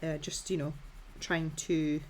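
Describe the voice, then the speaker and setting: Slow and level, her low-pitched, darkish voice guides a colouring tutorial with slight noise in the background. She's a Scottish woman in her thirties, chatty and self-deprecating, prone to fillers and restarts.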